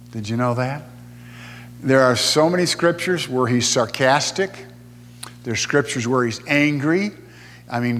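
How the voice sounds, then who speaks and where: A man's voice: mid-range voice, fairly bright tone, long reverb tail. A male pastor teaching a sermon in a conversational way, explaining Bible verses and reading scripture aloud.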